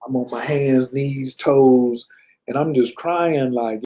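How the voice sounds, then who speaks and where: A man's voice: mid-range voice, steady tone, slow, dark tone, rough recording. A man in his fifties telling a personal story in a loose, conversational way, with many fillers. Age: 50s. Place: lives in Bali.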